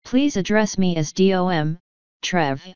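A woman voicing a courteous, ancient old man who speaks in a measured, gently formal way. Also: sits high, expressive, clean tone, no echo. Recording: dull lo-fi, dry.

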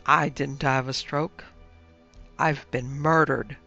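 Brief: a man doing a vengeful skeleton sorcerer with a raspy, emphatic drawl, on a lo-fi storybook recording. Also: medium pitch, little pitch movement, slow, pushed and bright, full character voice. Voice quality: rasping. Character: undead wizard uncle skeleton, querulous and vengeful. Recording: dull lo-fi with faint music.

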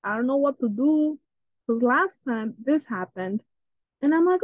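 A woman's voice: high-pitched, expressive, a little slow, dry recording. A woman chatting casually through her gameplay as a channel host, easily spooked and often repeating herself. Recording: tinny phone-like sound.

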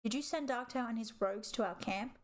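A woman voicing a proud female cat who leads her clan, speaking curtly with sharp, controlled anger. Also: on the high side, brisk, lightly acted. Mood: stern.

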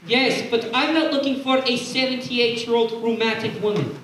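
A woman's voice: on the high side, far from the mic, lightly acted. A young woman playing a brusque, impatient male casting director, asking short questions on a school stage. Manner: curt, slow, deliberate questions. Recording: echoey stage with faint hiss.

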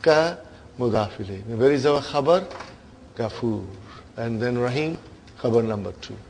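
A man's voice: mid-range voice, animated, normal speed, creaky, a little mellow, slight background noise. A man teaching an Arabic grammar class, lecturing and often checking with his students through short questions.

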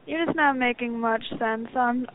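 A woman's voice: fairly high pitch, moderate pace. A woman answering a phone call as a shop manager, polite and apologetic but firm. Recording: phone line.

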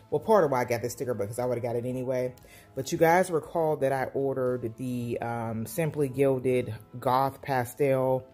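Her pitch is extremely low and mellow as this woman, a planner vlogger, gushes over a sticker book in a casual home review for her channel. She's enthusiastic and keeps praising it again and again.

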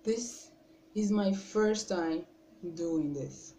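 A young Nigerian woman talks slowly and chattily as she does her makeup on camera. She is a little self-conscious and often lets her words trail off softly. The room is roomy and echoey, with a faint hiss behind her. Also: medium pitch. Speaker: beauty vlogger. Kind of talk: casual makeup tutorial chat. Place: room at home. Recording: roomy with faint background noise.

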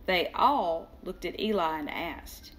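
An older woman reading a children's storybook aloud, slow and expressive, giving the characters their own voices. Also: on the low side. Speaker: children's book reader.

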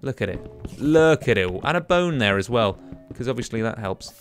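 A young man, chatting casually to himself as he plays a game, rambling and breaking into sudden excited exclamations. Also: mid-range voice, normal speed, soft background music. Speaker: let's play gamer. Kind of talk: casual gameplay commentary.

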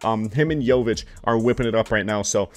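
A man's voice: on the low side, a little fast. A young man giving play-by-play commentary while playing a basketball video game at home, hyped and swearing, calling plays like a broadcaster. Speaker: gaming YouTuber. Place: home room, worried about neighbors.

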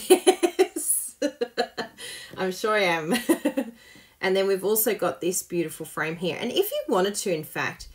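A woman's voice: medium pitch, sing-song, takes it slowly. A woman hosting a live papercraft tutorial, chatty and self-mocking, laughing often and gushing over her work as she demonstrates.

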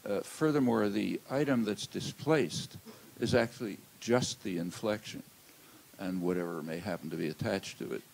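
Older man lecturing, low gravelly voice. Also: a little mellow, rough recording. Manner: measured, halting, many "uh" fillers. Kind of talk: academic lecture. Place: lecture hall. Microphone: handheld or lectern mic.

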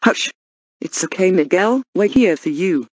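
A woman's voice: on the low side, animated, a little slow, dry recording, highs cut off. A synthetic female voice playing a protective, caring girlfriend in a cartoon who scolds bullies and comforts her partner. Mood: comforting.

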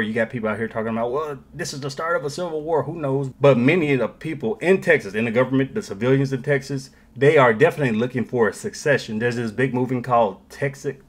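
A man giving heated, opinionated political commentary, mocking the other side and swinging his delivery for emphasis. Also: medium pitch.

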